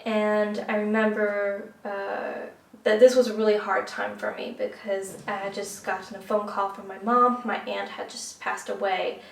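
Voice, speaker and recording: A woman's voice: medium pitch, little pitch movement, a little slow, vocal fry. A woman talking as a podcast guest, telling her personal story earnestly, with many fillers and restarts. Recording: roomy, distant mic.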